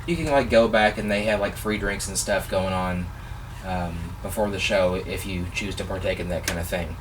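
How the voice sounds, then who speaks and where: A man vlogger telling a personal story in a casual, excitable, animated way, gushing like a fan. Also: low-pitched, distant mic, slight background noise.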